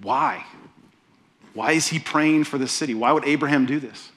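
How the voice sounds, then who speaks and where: A man preaching a sermon in a conversational, animated storytelling way, often restarting his phrases. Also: on the high side, moderate pace, creaky. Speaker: pastor.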